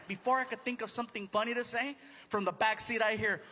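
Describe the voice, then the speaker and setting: A man with a strikingly high voice tells a stand-up story, animated and quick, jumping into voices as he goes. He is heard on a big stage with long hall reverb and a steady wash of room noise. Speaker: stand-up comedian. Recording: live hall recording with audience ambience.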